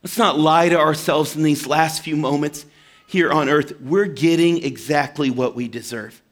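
A repentant criminal, as a preacher puts him on, low and hushed. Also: male voice, moderate pace, natural voice. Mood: grave. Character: repentant male criminal, quiet and grave.

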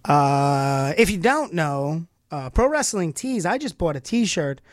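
Lively, laughing male radio host. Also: a little high, slow pace, dry recording, clean studio sound. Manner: playful, laughs often, plugs merchandise. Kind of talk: casual radio banter. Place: radio studio. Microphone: studio microphone.

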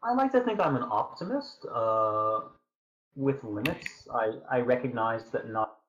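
A man as a podcast guest, talking casually in a halting, thoughtful way with many fillers. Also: mid-range voice, animated, fairly bright tone. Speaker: podcast guest, fan fiction writer. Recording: dull lo-fi call audio.

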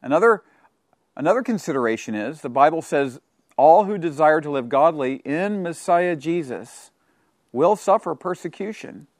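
A middle-aged man with a high-pitched voice delivers a radio sermon into a close microphone. The sound is dry and intimate. He reads scripture and exhorts his listeners earnestly, his volume rising and falling from loud declarations to quiet asides. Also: expressive, normal speed, no room sound. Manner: dynamic, swings from loud to hushed. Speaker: preacher. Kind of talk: radio sermon and Bible teaching.

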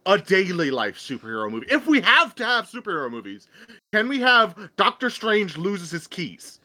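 Lively, higher-voiced man chatting films. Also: normal speed. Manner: animated, stammers through restarts. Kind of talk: casual chat about films.

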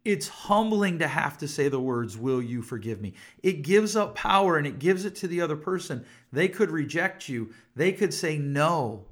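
Candid middle-aged man, slightly high voice. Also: expressive, moderate pace, hardly any pauses. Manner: candid and self-disclosing, acts out little dialogues with his kids. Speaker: parenting podcast host and counselor. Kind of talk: reflective solo talk to camera.

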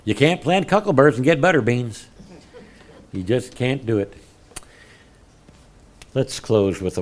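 A man's voice: medium pitch, very animated, a little slow, long pauses. A man preaching a sermon, telling stories with animation and laughing at his own jokes. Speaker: pastor.

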